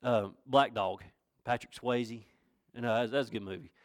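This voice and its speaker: A man's voice: medium pitch, normal speed, dry recording, studio quality. A man pastor from North Carolina with a Southern accent, preaching a sermon in a folksy, conversational way that rises to emphatic questions. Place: church.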